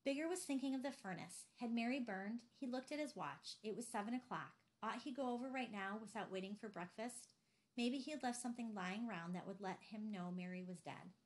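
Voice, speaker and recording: A woman narrating a novel aloud in a steady, measured reading. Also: fairly high pitch. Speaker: audiobook narrator. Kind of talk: scripted narration.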